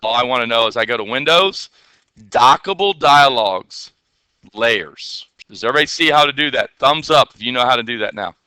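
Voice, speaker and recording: A man teaching a classroom software lesson, chatty and playful, often checking the class with questions. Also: medium pitch, expressive, fairly quick, clean tone, dry recording.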